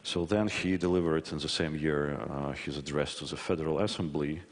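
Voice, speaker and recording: Deep-voiced guy giving a talk, lots of uhs and restarts, long hall echo. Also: fairly even intonation, fairly quick. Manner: hesitant, many fillers and restarts. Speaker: conference speaker. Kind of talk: conference talk.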